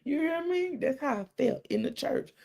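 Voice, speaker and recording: Gravelly woman telling a story, animated. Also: high-pitched, moderate pace. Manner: animated storytelling with quoted dialogue and dramatic hushes. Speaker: live-stream host. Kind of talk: casual live-stream talk.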